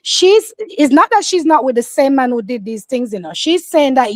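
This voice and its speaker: A woman's voice: sits high, very animated, normal speed, dry recording. A woman giving casual, opinionated commentary, emphatic and insistent, acting out the voices of people she quotes.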